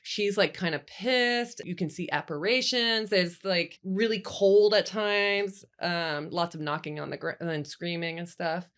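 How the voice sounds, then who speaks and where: A woman's voice: on the low side, steady tone, measured pace, few pauses, a bit bright. A young woman chatting casually as a podcast guest, rambling with lots of "like" and frequent laughter. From Reno, Nevada, US. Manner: chatty, rambling, heavy use of "like", laughs often.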